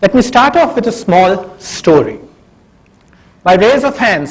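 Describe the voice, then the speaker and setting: A man's voice: high voice, very animated, unhurried, slightly rough, rough recording. Man telling a funny story onstage. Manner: humorous, addresses audience directly. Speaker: keynote speaker. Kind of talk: storytelling conference speech. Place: conference hall.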